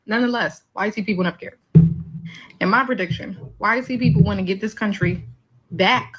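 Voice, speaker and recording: A woman's voice: mid-range voice, a bit bright, slightly rough, poor audio. A woman giving an emphatic opinion monologue, making numbered points in blunt, profane slang. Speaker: commentator.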